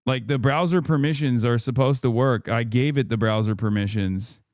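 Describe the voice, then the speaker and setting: Male streamer, mid pitch, smooth clear voice, dry close mic, exasperated and cursing. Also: moderate pace, darkish tone, no echo. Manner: frustrated, swearing, troubleshooting tech aloud. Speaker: livestream host. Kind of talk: live stream chat with viewers.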